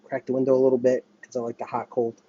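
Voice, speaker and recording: A man's voice: mid-range voice, completely flat delivery, very fast, mellow, husky, dry recording, lo-fi sound. Rambling, profane man ranting at home. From United States. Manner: profane, rambling, self-interrupting. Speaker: vlogger. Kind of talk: ranting monologue to camera. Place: small apartment with a running window air conditioner.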